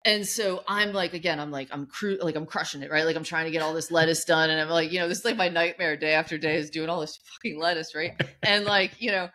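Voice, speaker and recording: A woman's voice: low-pitched, fairly even intonation, quick pace, hardly any pauses, bright, forceful tone. Rambling woman podcast cohost. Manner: rambling, full of "like" and "you know". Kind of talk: casual storytelling chat.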